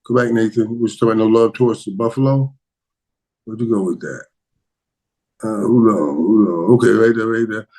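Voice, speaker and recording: Talking a little fast with long pauses, a live-streamer answers his audience's questions in a casual, excitable way. He repeats himself and lurches from loud outbursts to quiet muttering, all on poor-quality sound.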